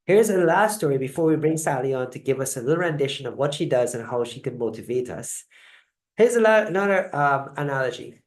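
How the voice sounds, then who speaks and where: Animated host in a roomy echo. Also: mid-range voice, a little fast. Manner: animated storyteller, shifts loudness often. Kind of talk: live online talk, motivational teaching. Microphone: video call. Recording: roomy echoing sound.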